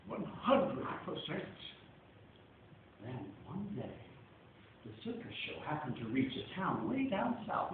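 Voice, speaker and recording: Man reading a rhyming storybook, animated. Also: on the high side, a little hiss or hum. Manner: animated, playful rhyming delivery. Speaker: storybook reader. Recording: tinny, echoey, distant recording.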